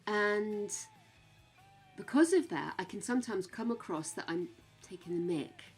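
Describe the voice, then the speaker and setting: Husky English woman chatting while streaming. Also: medium pitch, lively intonation, a little slow, soft background music. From England. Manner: chatty and rambling, laughs often, drops to a whisper at times. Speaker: game streamer. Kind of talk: casual chat while gaming.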